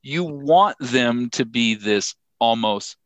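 A man co-hosting a casual podcast chat. He talks in an animated way and jumps into acted-out reactions. The sound is dry and close, with no room in it. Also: slow pace, dry recording. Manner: animated, acts out quoted reactions with sudden high-pitched outbursts, laughs often. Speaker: podcast co-host. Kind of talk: casual conversation.

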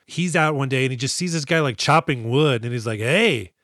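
A man co-hosting a podcast in casual chat, animated and profane, acting out characters as he retells scenes. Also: medium pitch, a little fast, no room sound, clean studio sound. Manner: animated, swears a lot, acts out characters in quoted lines. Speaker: podcast co-host.

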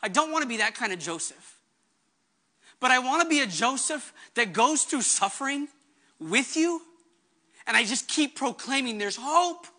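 Male pastor, sermon delivery, high-pitched and earnest, fervent with quick asides. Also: expressive, bright, forceful tone.

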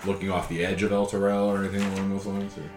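A man's voice: low voice, level tone, racing, a little mellow, slight background noise. A man playing a tabletop game, chatting and joking casually. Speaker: player. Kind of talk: casual chat. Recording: roomy with background music.

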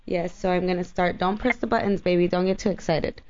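A woman's voice: fairly low pitch, fairly even intonation, a little fast, a little mellow. A woman guest on a radio talk show, chatting casually in a playful, flirty way and laughing often. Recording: dull lo-fi radio audio.

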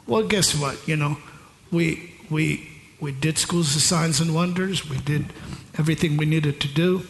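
Slow gravelly man preaching in an echoey hall. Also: on the high side, fairly even intonation, a little hiss or hum. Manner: preaching with rhetorical call-and-response questions. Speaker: pastor. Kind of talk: sermon. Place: large church hall. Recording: echoey hall with long reverb.

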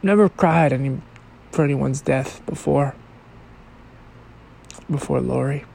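A man hosting a podcast episode, telling a personal story in a halting, reflective and emotional way. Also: medium pitch, vocal fry, a little mellow, a little hiss or hum. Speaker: podcast host.

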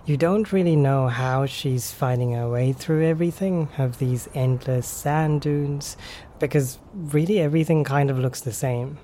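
A woman with a low voice narrates a tabletop role-playing game in a relaxed, conversational manner. Faint background noise sits behind her home recording. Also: unhurried. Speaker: game master.

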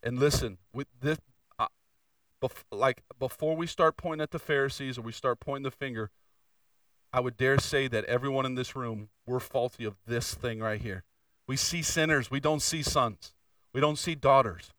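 A man preaching a sermon as pastor in a church, moving between fervent, raised passages and quieter, confessional asides. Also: mid-range voice, moderate pace, no room sound, far from the mic, rough recording. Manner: preaching with rising intensity and candid confession. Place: church sanctuary.

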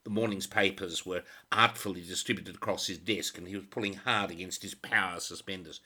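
A man's voice: deep voice, steady tone, fairly quick, hardly any pauses, pushed and bright. A man narrating a crime novel in a dry, sardonic manner. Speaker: audiobook narrator.

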